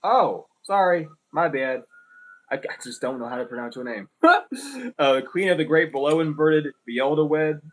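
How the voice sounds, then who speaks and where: A man's voice: a little high, moderate pace, poor audio. A man giving a casual spiritual tarot reading, blunt and emphatic, swearing often and repeating himself. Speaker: tarot reader.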